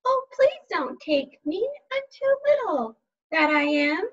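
A woman voicing the tiny youngest billy goat, pleading in a small squeaky voice for a storybook reading. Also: sing-song, unhurried, lo-fi sound, exaggerated voice.

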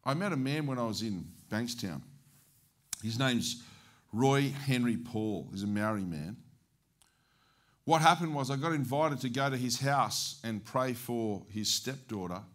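A man with an Australian accent preaching as an evangelist, telling stories in a lively way and acting out the dialogue. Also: mid-range voice, measured pace. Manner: animated, acts out dialogue. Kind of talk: storytelling sermon.

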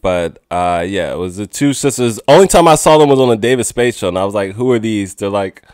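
A man's voice: lowish voice, lively intonation, a little fast, darkish tone, no echo, clean studio sound. A young man hosting a podcast, talking alone in a goofy, rambling way and laughing often. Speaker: podcast host. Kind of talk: casual solo monologue. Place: outdoors in the city with sirens.

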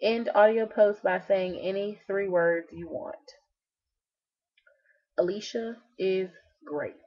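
A woman's voice: mid-range voice, takes it slowly. A young woman from Virginia with a Southern American accent, casually vlogging and answering questions with sassy, joking asides. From Roanoke, Virginia. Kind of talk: casual self-recorded vlog. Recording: slightly muffled lo-fi webcam audio.

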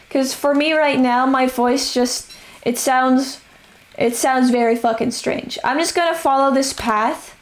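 Young woman gamer, hoarse, gravelly fry, rambling self-narration. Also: a little high. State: voice going hoarse. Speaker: streamer playing a survival game. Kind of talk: casual live-stream chatter.

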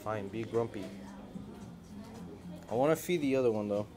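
A man vlogging in an indoor animal cafe, talking into a handheld phone and coaxing the animals in an excited, playful voice. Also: lowish voice, moderate pace, soft background music. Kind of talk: casual vlog talk. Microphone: handheld phone camera.

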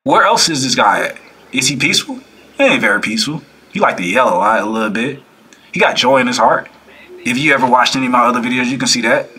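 Speaking quickly in a husky, mid-range voice, this reaction-video host lectures his audience casually and with animation. He repeats phrases and throws out one rhetorical question after another.

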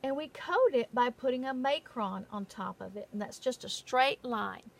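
A woman giving a phonics lesson in a patient, deliberate way, stressing the key words. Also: fairly high pitch, lively intonation, vocal fry. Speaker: phonics teacher. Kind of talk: slow, careful classroom instruction.

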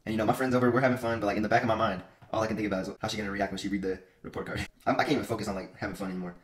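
Young man, very fast talker, crude profane storytelling, rambling, repeats phrases. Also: lowish voice, fairly even intonation. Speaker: streamer and content creator. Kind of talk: casual comedic storytelling monologue.

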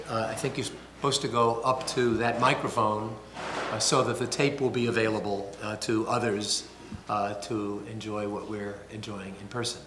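A man hosting a breakfast talk series, introducing the guest speaker in a halting way with many pauses. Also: on the low side, fairly bright tone. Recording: roomy with light noise.

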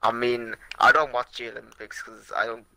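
Man, irish accent, gravelly, sharp bright tone, easygoing gamer chat. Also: mid-range voice, flat delivery, moderate pace, dry recording, rough recording. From Ireland. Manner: easygoing, defends his pronunciations. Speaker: gaming friend. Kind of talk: casual gaming chat.

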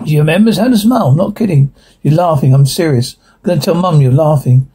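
A man's voice: a little high, brisk, mellow, slightly rough. A man reading the part of a sarcastic, teasing teenage girl.

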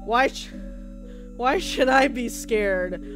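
A woman's voice: fairly high pitch, slow, a bit bright, soft background music. A woman commenting as she plays a horror game, joking along and shrieking at the scares. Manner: jumpy, shrieks at scares, jokey banter. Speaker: video game player.

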